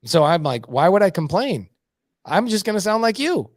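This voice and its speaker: Blunt, animated storyteller man. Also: sits high, normal speed, dry recording, studio quality. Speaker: podcast guest. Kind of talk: casual podcast conversation.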